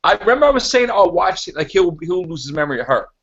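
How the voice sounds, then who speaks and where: Rambling man on a lo-fi recording. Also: sits high. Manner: rambling, animated storytelling with quick acted-out quotes. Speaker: podcast co-host. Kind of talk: casual chat. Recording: dull lo-fi sound.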